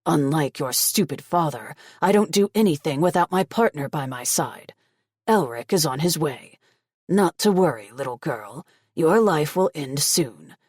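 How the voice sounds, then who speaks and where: A woman voicing a cruel older male crime boss, gruff and contemptuous, in a low voice with a dry close sound. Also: expressive, measured pace, darkish tone, no echo, heavily acted. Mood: menacing.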